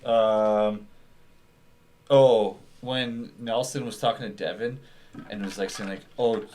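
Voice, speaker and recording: A man's voice: on the low side, fairly even intonation, slow, a little mellow. A man co-hosting a casual podcast, rambling and cracking crude jokes. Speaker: podcast co-host.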